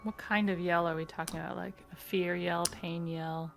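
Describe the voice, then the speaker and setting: Woman, tabletop player, curious questions, lowish voice. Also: level tone, moderate pace, gravelly. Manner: inquisitive, asks detailed questions. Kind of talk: casual tabletop chat.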